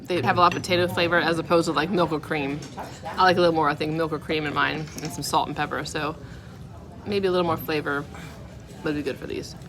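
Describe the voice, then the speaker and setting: This chatty food vlogger reviews a restaurant's dishes casually, rating every plate out of ten. She speaks fast in a low voice with fairly even intonation, while a crowd murmurs in the dining room behind her.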